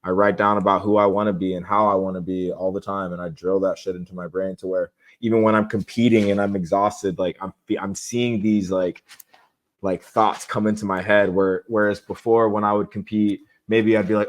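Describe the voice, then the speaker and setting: Man, deep voice, even and flat delivery, young adult podcast guest, candid, casual. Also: brisk. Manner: relaxed, candid, rambling with restarts. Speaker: podcast guest, jiu-jitsu competitor. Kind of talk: casual interview talk.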